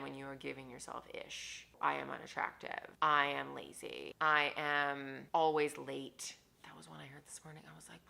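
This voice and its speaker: A woman in her thirties, a mindset coach, talking to camera in a casual vlog, emphatic and scolding, dropping to whispers and rising to loud stresses. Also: low voice, gravelly.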